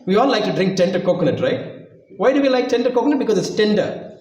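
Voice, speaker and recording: Male preacher, animated and joking, high voice, distant echoey hall sound. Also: fast. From India. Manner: animated, acts out quotes, jokey asides. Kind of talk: sermon.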